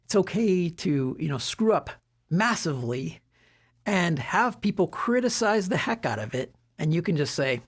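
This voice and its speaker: Husky man giving casual advice. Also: sits high, moderate pace. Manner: relaxed, conversational, frequent fillers and restarts. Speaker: self-development speaker. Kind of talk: casual talk to camera.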